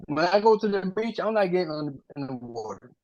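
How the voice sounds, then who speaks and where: A man's voice: sits high, very animated, brisk, a little mellow, dry recording, highs cut off. A man co-hosting a casual sports podcast in a laid-back, joking way. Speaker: podcast co-host.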